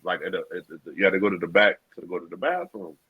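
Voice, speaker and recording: A man co-hosting a podcast, telling a profane story in a casual, animated street style. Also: low-pitched, quick pace, breathy edge, no room sound. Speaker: podcast co-host. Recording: dull lo-fi sound.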